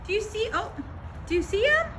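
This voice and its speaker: A young woman vlogging on a farm, cooing excitedly at animals and a toddler, filmed on a handheld phone camera. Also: very high-pitched, a little fast. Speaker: vlogger, mother. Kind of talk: casual vlog chat. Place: outdoors on a farm. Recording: outdoor noise and ambience.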